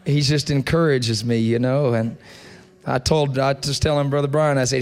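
A young adult man preaching a sermon in a church, leading the congregation in call and response and building to loud prayer. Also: mid-range voice, steady tone, moderate pace, clean tone. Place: church sanctuary.

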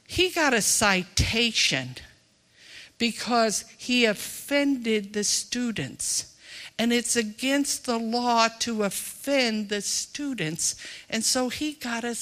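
Bright-voiced preacher with a drawl. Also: medium pitch, slow. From Texas. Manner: folksy, emphatic, swings between loud and hushed. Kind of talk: sermon.

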